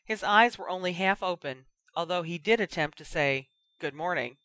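An audiobook reader narrating a story in a steady, even manner. The voice is bright and forward, and the close mic gives a dry sound with no room around it. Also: mid-range voice, moderate pace, clear, resonant tone, dry recording. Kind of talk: fan fiction reading.

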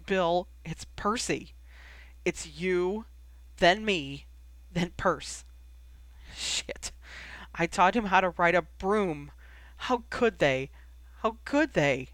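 A reader voicing a grief-stricken young man who talks in a choked, halting way. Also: mid-range voice, animated, dry recording, lightly acted. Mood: grieving. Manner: choked, halting, breaking into sobs.

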